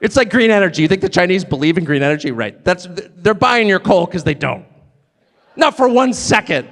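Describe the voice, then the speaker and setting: A man's voice: sits high, big pitch swings, brisk, fairly bright tone, long reverb tail. A man giving a live stage speech, emphatic and joking, often drifting off on digressions. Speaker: guest speaker at a live event.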